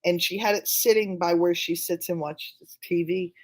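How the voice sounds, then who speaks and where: A middle-aged guest in a casual chat, telling personal family stories in a candid, wry way and swearing now and then. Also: female voice, fairly low pitch, steady tone, moderate pace, darkish tone.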